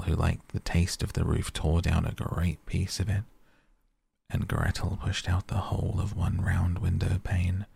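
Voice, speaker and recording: A man reads a bedtime fairy tale in a soft, low, gravelly voice, sinking now and then into a breathy near-whisper. His delivery stays level and unhurried, close and dry. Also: no room sound. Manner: soft, slow, half-whispered at times. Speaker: sleep podcast reader. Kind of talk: softly spoken bedtime storytelling.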